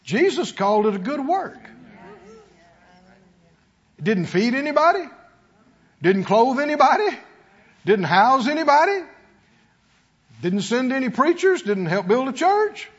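Pastor guy preaching, real high lively voice, call and response, kinda dull lo-fi sound. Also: measured pace, long pauses, breathy edge. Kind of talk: sermon.

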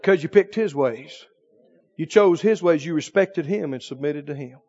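A male preacher with a high voice delivers a sermon, playing out little back-and-forth dialogues with himself and calling on the congregation to answer. His voice rings with a long reverb and a muffled, dull tone. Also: moderate pace, darkish tone. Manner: acts out inner dialogue with the audience in call-and-response.

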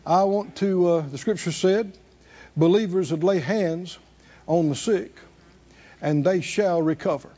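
A man's voice: high-pitched, a little slow, highs cut off. A man preaching a sermon in a church, calling on the congregation to answer back. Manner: animated call-and-response preaching. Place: church sanctuary.

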